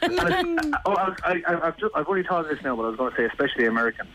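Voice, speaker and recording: A man's voice: fairly high pitch, expressive, very fast, sharp tone, slight background noise, rough recording. An Irish man, a comedian, chatting casually on a radio show, rambling and self-deprecating with many restarts. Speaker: comedian and regular guest.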